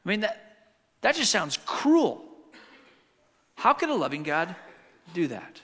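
Middle-aged man preaching, bright forceful voice, slightly high, long hall reverb. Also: slow pace. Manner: animated storytelling, swings from hushed to loud. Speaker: pastor. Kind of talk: sermon.

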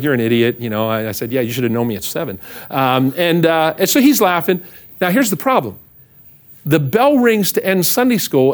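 A middle-aged man preaching as a pastor, telling a funny story about himself. His voice sits a little high for a man and swings widely as he acts out the people in the tale. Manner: animated, self-mocking storyteller acting out voices. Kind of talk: storytelling sermon.

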